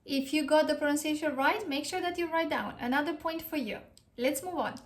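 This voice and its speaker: A woman from Romania teaching pronunciation, carefully sounding out and repeating each word. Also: high-pitched. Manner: slow, careful repetition of words. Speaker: language teacher. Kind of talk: pronunciation lesson.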